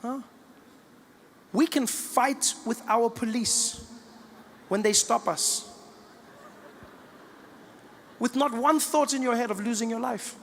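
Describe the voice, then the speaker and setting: A man from South Africa with a South African accent, telling stories in animated stand-up comedy in a large theater. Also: very high voice, a little slow, vocal fry, long pauses, slight background noise. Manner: animated storytelling. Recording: echoey theater with long reverb.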